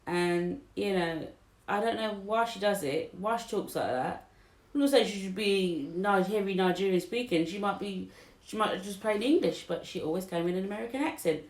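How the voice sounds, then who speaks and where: A woman with a gravelly, creaky voice tells a story in casual podcast chat, and her words ring in a roomy space. She keeps coming back to the same point. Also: mid-range voice, normal speed. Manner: storytelling, repeats herself. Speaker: podcast co-host. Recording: roomy echo.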